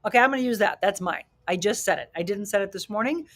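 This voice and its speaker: A woman hosting a talk radio show as a fitness and life coach, speaking in an emphatic, energetic motivational style and acting out quotes. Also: quick pace. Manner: emphatic, energetic, acts out quotes with rising pitch.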